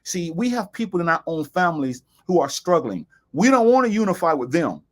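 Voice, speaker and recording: A man's voice: a little high, sing-song, fairly quick. A man hosting a talk broadcast, speaking emphatically in a preaching style, quoting sayings and repeating phrases for stress. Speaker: host.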